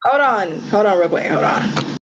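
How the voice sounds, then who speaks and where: A woman co-hosting a casual livestream, loose and exclaiming, quick to laugh. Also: medium pitch, lively intonation, dull audio, a little hiss or hum.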